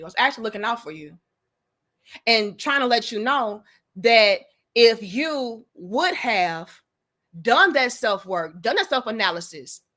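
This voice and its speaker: Sassy high bright-voiced woman ranting. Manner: profane, sassy, preachy. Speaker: commentary show host. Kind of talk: blunt opinion monologue.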